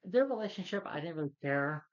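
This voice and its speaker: A man's voice: on the high side, animated, a little fast. Rambling man recapping a movie, lo-fi. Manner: rambling, full of "you know" and "he's like". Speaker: film reviewer. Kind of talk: casual movie review and plot recap.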